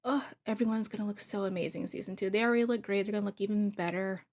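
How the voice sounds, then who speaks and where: A woman's voice: medium pitch, fairly even intonation, rapid-fire, darkish tone. Chatty woman recapping reality TV. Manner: chatty, gushing asides to viewers. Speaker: TV recap host. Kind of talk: casual gossip recap.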